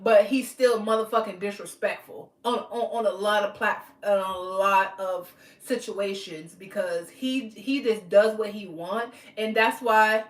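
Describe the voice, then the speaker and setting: A woman's voice: medium pitch, fairly even intonation, a little slow, hardly any pauses. A woman hosting a podcast, talking bluntly and emphatically in casual commentary, lecturing her listeners. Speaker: podcast host. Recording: echoey room.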